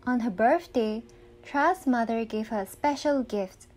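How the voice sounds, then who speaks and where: A woman reading a picture book aloud to children, pausing to ask them questions. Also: on the high side, animated, a little mellow. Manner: slow, clear, asks children questions. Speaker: volunteer storybook reader.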